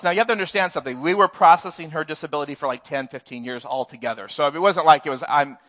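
A man's voice: a little high, quick pace, hardly any pauses, fairly bright tone. A middle-aged man preaching a sermon to his church, earnest and conversational, with touches of self-deprecating humor. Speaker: pastor. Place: church sanctuary.

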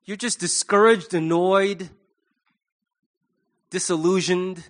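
A middle-aged male pastor delivering a sermon in a fairly high voice. He is animated and lively, slipping into quick voices for the people he quotes.

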